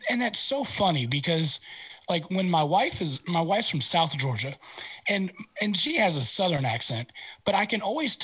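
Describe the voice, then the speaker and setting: A man's voice: sits high, sing-song, moderate pace, sharp tone, slightly rough. A man hosting a podcast, talking in a laid-back, chatty way and laughing often. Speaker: podcast host. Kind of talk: casual chat. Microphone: remote call.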